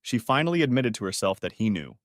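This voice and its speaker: A man's voice: on the low side, fast, no room sound, studio quality. A man narrating a dramatic story as an audiobook reader. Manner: expressive storytelling.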